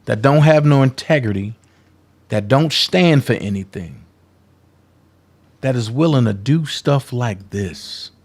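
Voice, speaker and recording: A man's voice: medium pitch, animated, slow pace, long pauses, darkish tone. A man giving confrontational, profane commentary, calling people out in a heated rant. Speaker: commentary vlogger.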